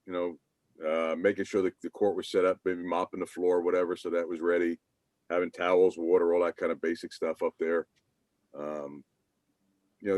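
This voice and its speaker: A man's voice: deep voice, a little mellow, no room sound. A man in his fifties, a guest on a video-call interview, reminiscing in an easygoing way with lots of fillers. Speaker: guest, former team manager.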